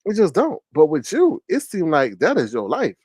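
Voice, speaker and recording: A man hosting a drama commentary vlog, telling stories in an animated, mocking way. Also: a little high, moderate pace, breathy edge, dry recording. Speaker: host.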